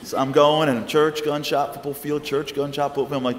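A man giving a public lecture in a large congregation hall, telling a story in an animated, humorous way. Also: fairly high pitch, brisk. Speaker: guest lecturer. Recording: echoey hall, faint noise.

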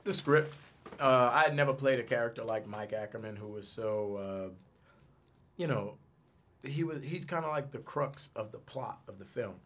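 A man's voice: mid-range voice, normal speed, fairly bright tone, a little hiss or hum. A man being interviewed as an actor, talking casually in a laid-back, joking and self-assured way in a studio interview room. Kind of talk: casual press junket chat.

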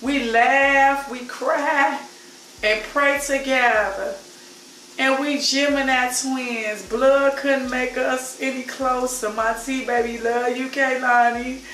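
Fifties woman vlogger with a Chicago accent, high bright voice, effusive and chatty, recorded from off-mic in an echoey room. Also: fairly even intonation, slow pace, distant mic, a little hiss or hum. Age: 50s. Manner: effusive, chatty, keeps saying y'all. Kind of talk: casual chat to camera.

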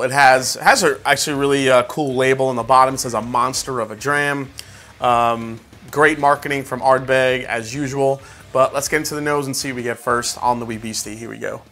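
Bright-voiced New man reviewing whiskey. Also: medium pitch. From New York. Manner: chatty, many fillers like "like" and "uh"; excitable tasting reactions. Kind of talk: casual tasting review.

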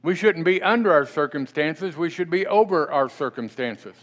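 A middle-aged pastor with a slightly high, fairly bright voice gives a sermon at normal speed, his intonation lively. Speaking in the church sanctuary, he chats with the congregation and regularly asks them questions.

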